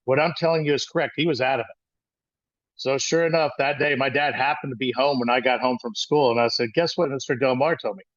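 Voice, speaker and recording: A man's voice: medium pitch, fairly bright tone, no room sound, highs cut off. Man in his sixties telling a rambling story. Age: 60s. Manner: rambling, halting with frequent restarts. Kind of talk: personal storytelling talk.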